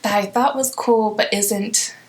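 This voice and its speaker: A young woman co-hosting a casual podcast, answering questions softly with frequent giggles, half-whispering. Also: mid-range voice, fairly even intonation, unhurried. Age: young adult. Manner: soft-spoken, giggly, stage-whispering. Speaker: podcast co-host being interviewed. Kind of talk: casual chat.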